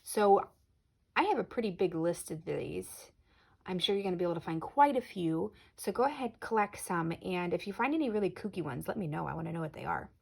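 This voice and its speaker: Gravelly, husky woman teaching spelling. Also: fairly low pitch, lively intonation, a little mellow. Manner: patient, clear, slows down on example words. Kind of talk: recorded spelling lesson for children.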